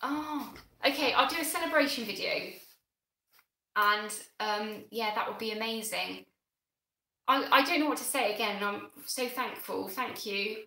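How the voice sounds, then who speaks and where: A woman hosting a gardening channel's live stream chat, flustered and excitable, halting with many restarts. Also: fairly high pitch, creaky. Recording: roomy room echo.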